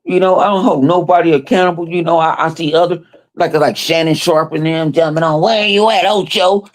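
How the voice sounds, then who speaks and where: A man's voice: a little high, a little fast. A man hosting a podcast, telling stories in casual chat with lots of swearing and quoted voices. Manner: animated, profane storytelling with quoted voices. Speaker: podcast host.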